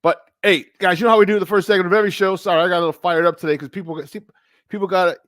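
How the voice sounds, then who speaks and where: A middle-aged man hosting a live sports talk stream, animated and emphatic, repeating his points and greeting viewers by name. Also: high voice, rapid-fire, dry recording, studio quality. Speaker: sports talk show host.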